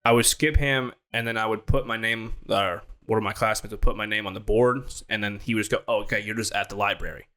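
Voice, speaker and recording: A young man co-hosting a podcast who tells stories in a lively, profane way, acting out both sides of an argument. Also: lowish voice, fast talker, hardly any pauses. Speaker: podcast co-host. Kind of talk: casual chat.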